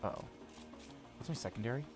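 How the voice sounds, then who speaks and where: A man swearing and rambling casually as he streams a video game, reacting loudly to what happens on screen. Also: fast, music in the background. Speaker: gaming streamer. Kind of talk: casual gameplay commentary.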